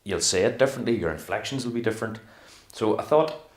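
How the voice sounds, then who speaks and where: A middle-aged man, an actor being interviewed, talking in a casual, animated way and acting out what he would say. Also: lowish voice, quick pace. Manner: animated, rambling, acts out quotes. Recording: echoey room.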